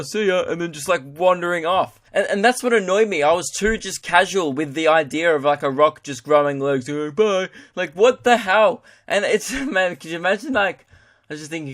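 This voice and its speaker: A young Australian man with a fairly high, fairly bright voice hosts a podcast. He rambles through a casual comedic monologue, laughing at his own jokes.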